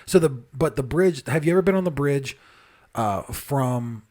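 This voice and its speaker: A man co-hosting a relaxed podcast conversation. He ribs his friends with dry, teasing humor. His voice has an ordinary middle pitch for a man. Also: a little slow. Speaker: podcast co-host. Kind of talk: casual chat.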